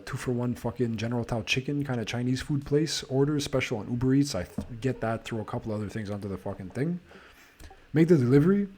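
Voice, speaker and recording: A podcast host with a dark, mid-range voice tells a casual story, swearing constantly. He sounds exasperated and keeps restarting his sentences.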